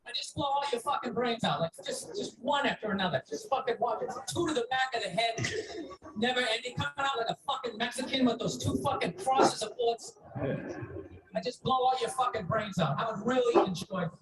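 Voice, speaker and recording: Male stand-up comic, very high voice, shouting abuse at the audience on an outdoor stage. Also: expressive, brisk. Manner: shouting, insulting the crowd. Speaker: stand-up comedian. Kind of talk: stand-up rant. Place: outdoor stage before a seated crowd. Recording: echoey, distant live recording with loud noise.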